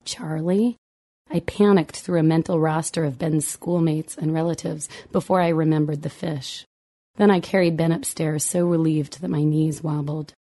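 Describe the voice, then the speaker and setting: A woman's voice: deep voice, mellow. A middle-aged woman, a mother, reading her memoir aloud with dry, wry humor.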